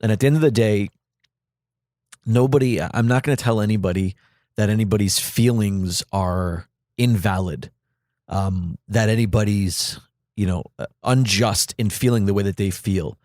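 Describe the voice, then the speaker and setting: Low-voiced grieving New man. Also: darkish tone, no room sound, clean studio sound. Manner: halting, many fillers and restarts. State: grieving, voice catching. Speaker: podcast host. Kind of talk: heartfelt personal monologue.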